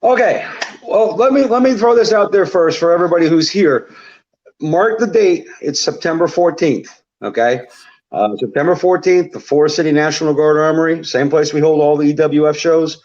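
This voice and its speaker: A man's voice: a little high, moderate pace, a little mellow, lo-fi sound. A man who is a wrestling referee, a guest in a casual interview, upbeat and announcer-like when giving event details.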